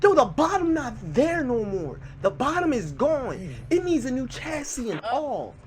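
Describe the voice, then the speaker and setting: Reaction host, male, excitable and loud, very lively delivery. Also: very high voice, measured pace. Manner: excitable, yells at the clips, heavy swearing. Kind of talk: casual profane reaction commentary.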